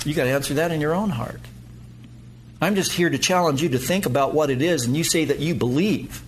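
An emphatic man preaches a sermon to his congregation, his voice sitting a little high for a man. He swings between loud, climbing peaks and quiet, low asides. Faint noise hangs under his voice. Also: normal speed, long pauses. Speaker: pastor.

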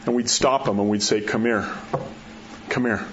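Man preacher, folksy storyteller, sinks to hushed tones for emphasis, a little muffled with faint room hum. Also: fairly low pitch, steady tone, normal speed. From New Mexico. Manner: folksy storytelling, drops to a soft hush at key words. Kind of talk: sermon.

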